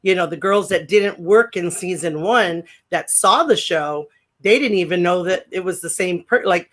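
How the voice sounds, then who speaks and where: A middle-aged woman with a naturally deep voice talks as a guest in a relaxed interview. She tells her stories in a loose, chatty way, full of fillers and self-corrections. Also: moderate pace. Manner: chatty storyteller, many fillers and restarts. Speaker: guest, former pro wrestler. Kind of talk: casual interview chat.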